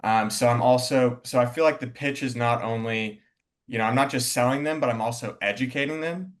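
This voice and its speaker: A man on a panel asking a question in a halting way, often stopping to search for words. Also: mid-range voice. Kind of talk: panel discussion.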